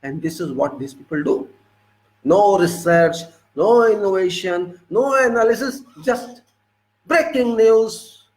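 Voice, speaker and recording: A man's voice: high-pitched, takes it slowly, poor audio. A man with an Indian English accent, from India, giving an emphatic, repetitive monologue as a civil engineering lecturer.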